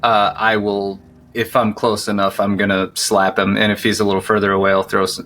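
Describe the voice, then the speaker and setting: A man's voice: fairly low pitch, little pitch movement, brisk, fairly bright tone. A man playing a tabletop roleplaying game, describing his character's moves in an easygoing way and stumbling over his words. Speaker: player. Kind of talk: casual tabletop play.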